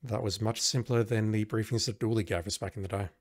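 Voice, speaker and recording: A man's voice: on the low side, steady tone, fast. A man playing through an old adventure game, reading its text aloud with wry, self-deprecating asides. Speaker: let's play gamer.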